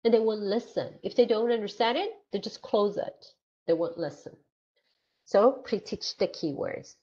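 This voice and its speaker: A woman training teachers, talking slowly and deliberately and modeling exaggerated intonation for a class. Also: mid-range voice, expressive, warm tone, muffled recording.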